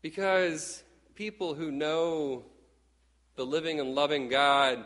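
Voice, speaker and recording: Man, middle-aged, from Texas, pastor, conversational sermon, slightly high voice, long hall reverb. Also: slow pace. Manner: animated, conversational preaching with acted-out quotes.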